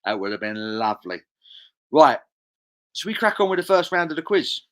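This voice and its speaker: A man's voice: on the high side, very animated, moderate pace, fairly bright tone. A young man, hosting a charity live stream, casually reading viewer comments aloud and chatting along.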